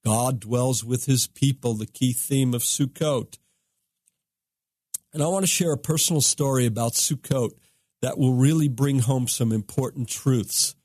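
Slow, emphatic man teaching scripture. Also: mid-range voice, darkish tone, breathy edge, no echo, clean studio sound. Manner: unhurried, emphatic scripture reading. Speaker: rabbi. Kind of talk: podcast teaching.

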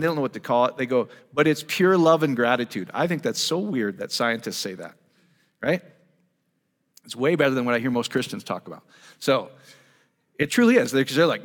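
Male pastor, fairly high voice, eager and chatty, long hall reverb. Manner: enthusiastic, conversational, full of rhetorical questions. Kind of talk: sermon teaching.

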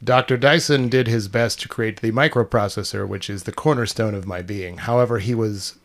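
A man voicing a single-minded male robot assassin, speaking in a flat, stiff manner that sometimes glitches into repeats. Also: lowish voice, normal speed, close to an everyday voice. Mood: deadpan. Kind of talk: improvised comedy podcast bit.

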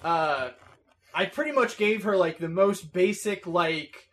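Young male co-host, high voice, relaxed and chatty, quick to laugh. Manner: laughs often, easygoing. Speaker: podcast co-host. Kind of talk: casual chat.

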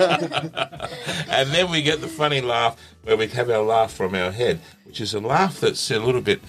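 A man's voice: mid-range voice, a bit bright. A man hosting a casual interview, jovial and laughing often as he leads laughing exercises. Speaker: host.

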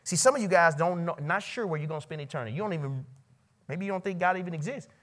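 A man preaches a sermon at a college ministry meeting. He questions the audience directly and swings from loud, soaring lines to quiet, low ones. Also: animated, fast talker. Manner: preaching with sudden loud rises and quiet drops. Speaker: pastor.

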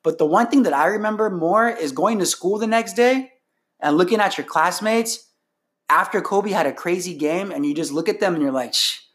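Higher-voiced man hosting casual chat. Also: moderate pace, a bit bright. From Los Angeles area. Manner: rambling storyteller with many restarts. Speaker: podcast host.

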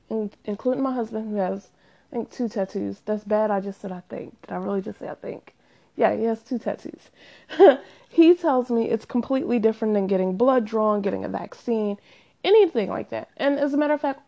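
A woman talking casually to camera in a chatty, self-deprecating, animated way. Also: mid-range voice, vocal fry. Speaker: vlogger. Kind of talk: confessional casual monologue.

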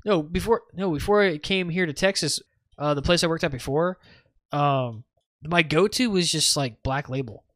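A man's voice: fairly high pitch, moderate pace, fairly bright tone, no echo, studio quality. A man on a podcast, chatting casually over a voice call, rambling with many restarts. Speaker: podcast guest. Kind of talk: casual chat. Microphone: remote voice call.

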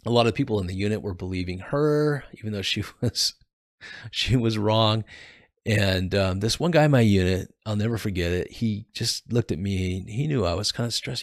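A man's voice: lowish voice, no room sound, clean studio sound. A man hosting a podcast, reading Bible verses and talking about them in a casual devotional style, earnest and conversational, often restarting his phrases. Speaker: podcast host teaching the Bible.

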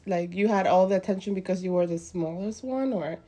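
A woman's voice: lowish voice, fairly quick, warm tone. Giggly woman hosting a laid-back podcast, chatty. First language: Spanish. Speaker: podcast host. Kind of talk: casual podcast chat.

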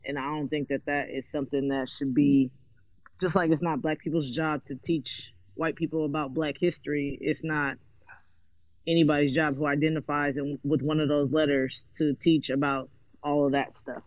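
A man's voice: on the high side, little pitch movement, moderate pace, dry recording. A man from California, a guest in a casual conversation, explaining his views thoughtfully and often saying "you know". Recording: dull, dry, slightly lo-fi sound.

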